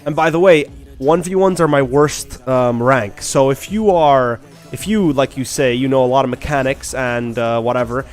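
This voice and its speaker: A man chatting quickly and casually on a live stream, joking about himself while greeting viewers. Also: medium pitch, soft background music. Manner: fast-talking, chatty, self-deprecating. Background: faint background beats.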